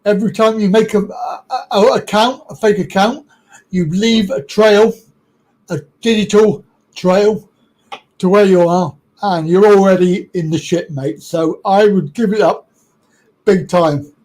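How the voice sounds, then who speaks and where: Blunt, high-voiced British man ranting. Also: measured pace, a little mellow, low-quality recording. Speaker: live stream host. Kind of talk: casual live chat.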